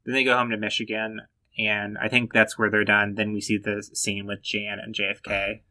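A man's voice: on the low side, completely flat delivery, normal speed, pushed and bright, dry recording. A young man co-hosting a comedy podcast, talking casually with hesitant, stumbling restarts. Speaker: podcast co-host.

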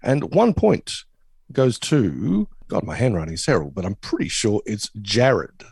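Lively, wry podcast co-host man. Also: lowish voice, normal speed, vocal fry, breathy edge, no echo, clean studio sound. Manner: playful and dryly joking, hesitant restarts. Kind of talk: casual chat.

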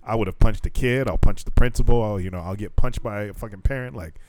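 A man's voice: on the low side, fast talker, dry recording. A man co-hosting a podcast in casual chat, profane and laughing as he tells stories. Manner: profane, laughing, animated storytelling. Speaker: podcast co-host.

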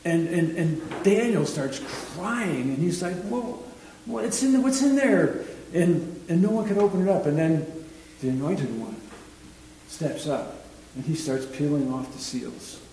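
Bible-class teacher, man, slightly high voice, loose chatty delivery, booming echo with faint hiss. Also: lively intonation, measured pace, dark tone. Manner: chatty, rambling, chuckles often. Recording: very echoey room, faint noise.

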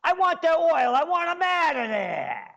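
A man's voice: extremely high pitch, huge pitch swings, unhurried, vocal fry, fairly bright tone, pitched above the performer's own voice, exaggerated voice. A man putting on a ruthless mob boss, demanding, with a swooping voice. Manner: barking and demanding. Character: greedy, ruthless male mob boss giving orders. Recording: dull lo-fi sound.

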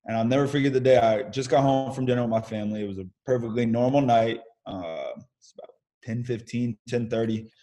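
A man's voice: mid-range voice, a little fast. A young American man telling candid stories about his career in a casual interview over a video call. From United States. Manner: lively storyteller, casual and candid, mild swearing. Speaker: podcast guest, pro baseball player.

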